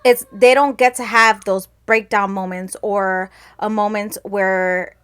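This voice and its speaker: A woman's voice: medium pitch, unhurried, smooth. A young woman co-hosting a podcast, telling stories in casual chat and laughing through them. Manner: animated storyteller, laughs through her stories. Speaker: podcast co-host.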